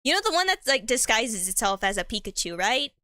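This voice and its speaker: A woman's voice: on the high side, sing-song, a little fast, pushed and bright, no room sound, studio quality. A woman chatting casually on a live stream, rambling in slang and laughing often.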